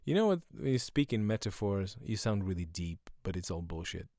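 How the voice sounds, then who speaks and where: A middle-aged man hosting a solo podcast, rambling sardonically and breaking into quick silly voices. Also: sits low, very animated, warm tone, no echo, studio quality. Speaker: podcast host.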